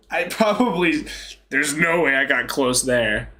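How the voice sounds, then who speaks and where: A young man keeps up a loose, joking stream chat, often laughing at himself. His pitch sits in a middle range, and a faint hiss hangs under the voice. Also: a little slow, pushed and bright. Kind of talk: casual live-stream chat.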